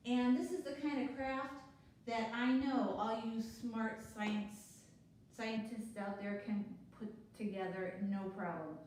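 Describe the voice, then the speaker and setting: A woman librarian talks kids through a simple craft in an upbeat, chatty manner. Her voice is a little high. She is recorded from a distance in a very echoey room with faint noise behind her. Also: steady tone, unhurried, a little mellow. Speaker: children's librarian leading a craft. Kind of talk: explaining a craft to children.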